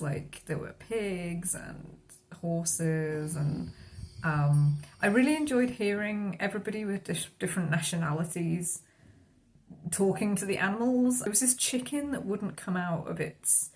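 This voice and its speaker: A woman narrating her own travel vlog in a casual, rambling way, often laughing. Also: on the low side. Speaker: travel vlogger.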